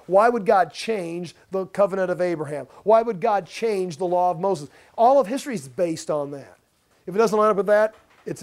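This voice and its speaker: A man's voice: high voice, a little mellow. A male preacher teaching verse by verse, reading scripture aloud and then explaining it plainly, correcting himself mid-verse and checking in with his listeners.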